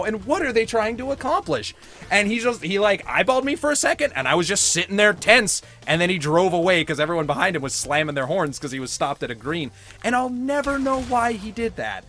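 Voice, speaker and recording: A man's voice: sits high, pushed and bright. A young adult man chatting casually while playing a game, telling a story animatedly and swearing freely. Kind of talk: casual chat while gaming.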